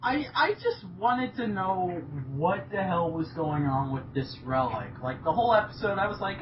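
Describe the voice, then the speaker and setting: A young woman talks in a casual fan chat, excitable and blunt, swearing and quoting her own reactions with a lively rise and fall. The room is echoey and the sound dull and lo-fi. A faint hiss sits under her voice. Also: on the low side, normal speed, hardly any pauses. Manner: excitable, swears, quotes herself.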